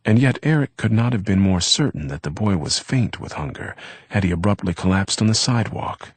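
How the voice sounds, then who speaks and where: A deep, low-pitched man narrates a novel in a measured, steady audiobook reading. His voice is husky, and the recording is dry and close. It sounds like a studio read. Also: no echo.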